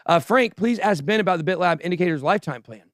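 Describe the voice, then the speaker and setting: Joking, fairly high-voiced man host. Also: animated, quick pace, dry recording, studio quality. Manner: joking, boastful banter with crew and chat. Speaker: host of a crypto news livestream. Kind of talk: casual livestream commentary.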